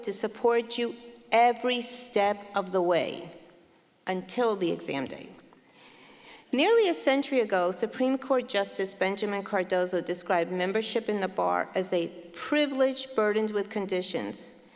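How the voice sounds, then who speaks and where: A woman's voice: mid-range voice, normal speed. A woman dean giving a formal, emphatic commencement welcome speech from a podium microphone. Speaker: law school dean. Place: large hall at a graduation ceremony. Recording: long hall reverb.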